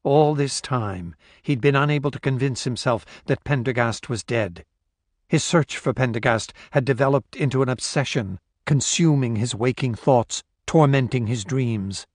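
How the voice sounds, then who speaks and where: A man's voice: medium pitch, no echo. Male audiobook narrator, close and dry. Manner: measured, steady storytelling. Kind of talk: scripted narration.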